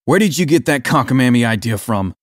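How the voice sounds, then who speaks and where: A man's voice: medium pitch, animated, a little fast, dry recording, clean studio sound, lightly acted. A man voicing a scornful, bossy police lieutenant who speaks curtly and with contempt. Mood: angry. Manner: curt, contemptuous, shouting.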